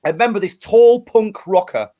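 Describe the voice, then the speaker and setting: Middle-aged male musician guest, slightly high-pitched, animated storyteller with restarts. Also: moderate pace. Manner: animated storyteller, acts out quotes, many restarts. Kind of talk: storytelling in a casual interview.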